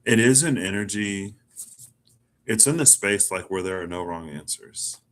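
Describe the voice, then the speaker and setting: An animated man with a voice on the low side, a bit bright and unhurried, does a laid-back self tarot reading. He muses, rambles, and fills his chatter with "like."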